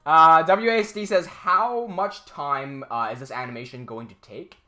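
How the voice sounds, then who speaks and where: A man's voice: a little high, moderate pace, bright, forceful tone. A man hosting a casual livestream, chatting and answering viewer comments in a rambling way, laughing often. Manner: rambling, laughs often, many fillers and restarts. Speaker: animation livestream host.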